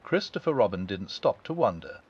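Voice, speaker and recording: Soft-spoken man reading a bedtime story. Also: lowish voice, sing-song, normal speed, breathy edge. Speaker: audiobook narrator. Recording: dull lo-fi sound.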